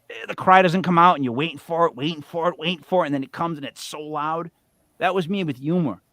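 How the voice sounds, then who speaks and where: A middle-aged man co-hosting a live show, telling a long casual story in a rambling, animated way, swinging between loud bursts and mutters. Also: on the high side, dry recording. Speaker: co-host.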